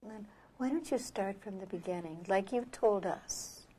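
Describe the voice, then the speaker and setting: Woman playing a calm mediator, mellow voice. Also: mid-range voice, unhurried, a little hiss or hum, close to an everyday voice, rough recording. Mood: guiding. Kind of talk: role-played mediation.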